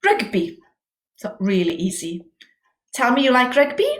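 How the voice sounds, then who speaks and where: A woman teaching a beginner language lesson, slow and clear with lively encouragement. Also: fairly high pitch. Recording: echoey room.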